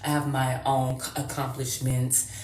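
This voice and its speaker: Low-voiced chatty woman vlogger. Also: measured pace, reverberant, a little hiss or hum. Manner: animated, chatty, addresses viewers as y'all. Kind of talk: excited vlog chat.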